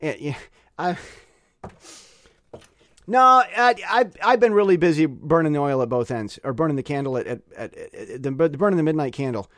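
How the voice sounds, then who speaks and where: A man's voice: on the high side, moderate pace, no room sound. A man giving casual spoken commentary to camera, opinionated and rambling, with frequent restarts and repeated words. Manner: opinionated, animated. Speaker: vlogger.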